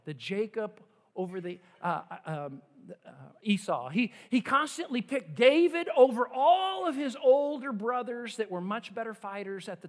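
A male pastor preaching an animated sermon in a church. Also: high-pitched, big-room sound. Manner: animated, acts out quoted voices.

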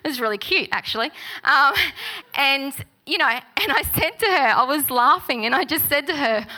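A middle-aged woman preaching a sermon, telling personal stories and reading scripture slowly. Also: high voice, lively intonation. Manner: warm, personal storytelling with gentle laughs; slow, unhurried reading of scripture.

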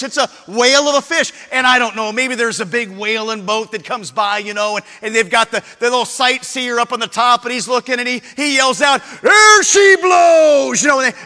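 High, piercing-voiced preacher in an echoing hall. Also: male voice. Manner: dramatic, swings from shouting to hushed near-whispers. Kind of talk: sermon. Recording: long reverb in a large hall.

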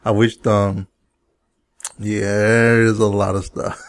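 A man's voice: on the low side, little pitch movement, slow. A man co-hosting a podcast in casual chat, playful and joking, riffing on his own gags. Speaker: podcast co-host.

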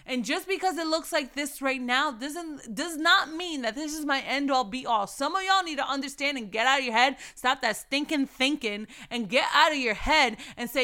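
A woman's voice: sits high, animated, normal speed, hardly any pauses, sharp tone. A woman giving a casual faith devotional talk, fervent and emphatic, repeating phrases for emphasis.

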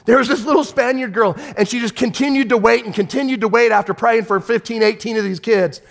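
A man pastor preaching a sermon, swinging from shouted rebukes to hushed, tender storytelling. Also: very high-pitched, fairly even intonation, fast talker, creaky. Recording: long hall reverb.

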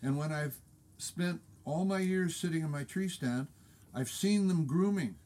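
Brief: man, fairly high voice, earnest casual storyteller. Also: unhurried, a little mellow. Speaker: guest hunter.

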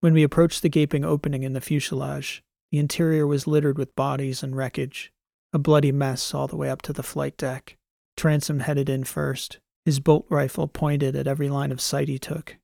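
Gravelly man narrating a sci-fi audiobook. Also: mid-range voice, no echo, studio quality. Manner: measured, even storytelling. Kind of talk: scripted narration.

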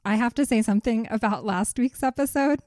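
A middle-aged woman co-hosting a podcast in casual chat, self-deprecating and quick to laugh. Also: fairly high pitch, darkish tone, dry recording, studio quality. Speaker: podcast co-host.

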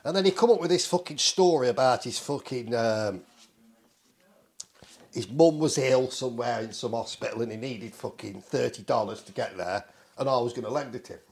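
At a moderate pace and with a darkish, mid-range voice, a middle-aged man from England relates a casual anecdote. His telling is full of constant swearing, and he acts out each person in the story.

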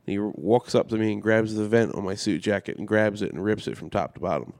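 A man's voice: lowish voice, quick pace, gravelly, darkish tone. A male comedian from the United States, a guest on a podcast, spinning a nightclub story. He swears freely and plays up the drama of every beat. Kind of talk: casual podcast chat.

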